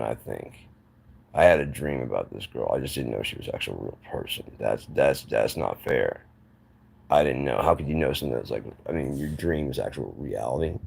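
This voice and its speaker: Very deep gravelly man ranting. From United States. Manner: rambling, opinionated, restarts often. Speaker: channel host. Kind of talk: casual monologue to camera.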